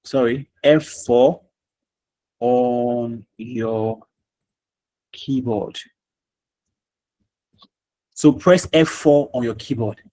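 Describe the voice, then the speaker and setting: A man's voice: mid-range voice, extremely slow, pauses often, dark tone, low-quality recording. A man teaching a live online class over a video call, repeating himself and quizzing students by name.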